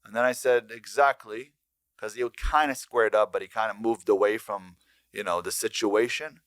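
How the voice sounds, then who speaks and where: A man's voice: on the low side, moderate pace, fairly bright tone, no echo. Guy bragging about his gangster days, tough talk, dry close sound. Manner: tough-guy bravado, acts out quotes. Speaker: podcast guest telling stories. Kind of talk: boastful storytelling.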